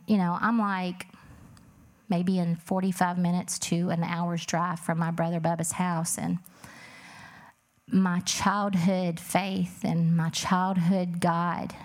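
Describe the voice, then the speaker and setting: Woman, mother, speaking testimony; earnest, plain, low-ish pitch. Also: a little mellow. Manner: earnest, plain-spoken, with many fillers. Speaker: mother telling her story. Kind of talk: emotional personal testimony.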